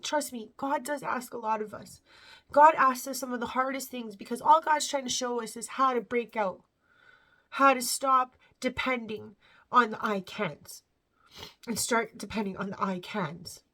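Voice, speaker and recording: Tearful and earnest, this vlogger in her thirties rambles through her spiritual testimony to the camera, filling it with fillers. She speaks in a high voice with a somewhat bright quality.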